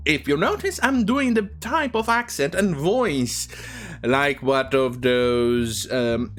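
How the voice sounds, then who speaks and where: Commentator ranting about the news, pitch jumps all over, lots of restarts, faint music underneath. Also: a bit bright. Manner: opinionated, with frequent restarts and asides. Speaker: online commentator.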